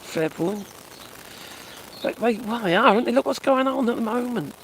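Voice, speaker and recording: A man with a high voice streams live from his phone, reacting to a speech in a casual way. He is sarcastic and mocking, and drops swear words between dry chuckles. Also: lively intonation, moderate pace, slight background noise, low-quality recording.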